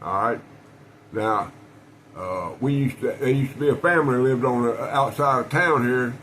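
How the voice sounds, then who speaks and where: A man, his voice sitting at an ordinary middle pitch for a man, talks casually to camera with faint room ambience underneath. He tells things in a folksy, rambling way, looping back on himself with restarts and fillers. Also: moderate pace, a bit bright, slight background noise, rough recording. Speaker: knife collector vlogger.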